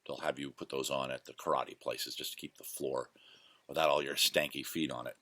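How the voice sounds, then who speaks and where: A man's voice: rumbling low, steady tone, a little fast, bright, forceful tone, no echo. A man hosting his own show, casually telling rambling, self-correcting stories from his past. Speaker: host. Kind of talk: casual storytelling monologue.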